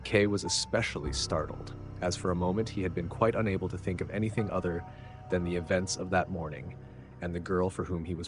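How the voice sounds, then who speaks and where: Deep-voiced male narrator reading a classic novel, measured, with quiet music under. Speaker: audiobook narrator. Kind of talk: scripted narration.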